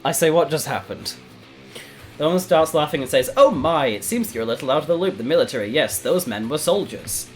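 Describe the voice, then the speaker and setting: A man streaming a text adventure game, reading it aloud and reacting with sudden loud outbursts. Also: a little high, animated, a little fast. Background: faint background music.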